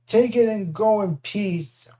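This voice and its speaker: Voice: mid-range voice, takes it slowly, warm tone, pitched above the performer's own voice, lightly acted. A reader voicing a huge brutish male cyclops in an audiobook, whimpering one moment and savage the next, with broken simple grammar. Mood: sulky. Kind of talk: audiobook character voice.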